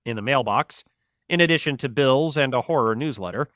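A man reading a novel aloud in a steady, measured scripted narration. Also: medium pitch, no echo. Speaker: audiobook narrator.

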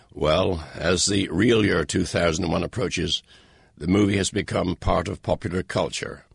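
An older man reading his own foreword to an audiobook in a dry, wry, unhurried manner. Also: low voice, creaky, husky, dry recording. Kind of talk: read-aloud personal foreword.

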